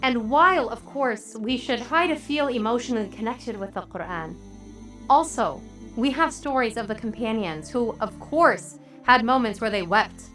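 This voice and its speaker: A woman religious teacher telling a story in a sermon, earnest and measured, with dramatic pauses. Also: fairly high pitch, expressive, fairly bright tone, soft background music.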